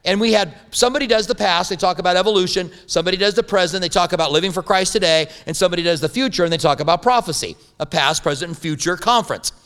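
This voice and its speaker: A man's voice: sits high, quick pace, few pauses, fairly bright tone, smooth. A man preaching a sermon as a pastor, telling stories with humorous asides. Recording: long hall reverb.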